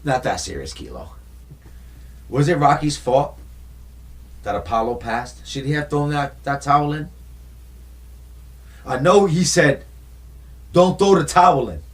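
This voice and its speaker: A young man vlogging in a casual, animated way, retelling movie scenes and acting out lines as he goes. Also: medium pitch, measured pace, long pauses. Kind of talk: casual movie-talk vlog.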